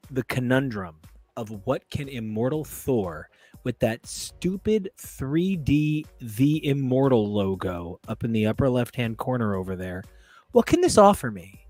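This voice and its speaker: A man's voice: mid-range voice, sing-song, measured pace, a little mellow, dry recording, faint music behind. A man co-hosting a casual comic book podcast, joking and riffing on asides. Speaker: podcast co-host. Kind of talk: casual chat.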